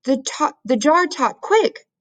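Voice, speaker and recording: A woman's voice: fairly low pitch, measured pace, lightly acted. A woman voicing a big friendly male giant who talks in garbled grammar and odd invented words. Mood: excited. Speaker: teacher reading aloud.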